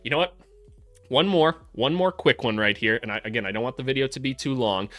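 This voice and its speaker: A young man gives a casual breakdown of basketball film with an ordinary mid-pitched voice. He swears freely, talks straight to the players on screen, and gets loud and high when a play excites him. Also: fairly quick, no echo, faint music behind. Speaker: host breaking down draft prospects.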